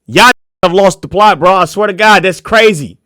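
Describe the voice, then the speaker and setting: A young man streaming a casual reaction video, profane and mocking, swinging into shouts. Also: high-pitched, moderate pace, no echo, clean studio sound.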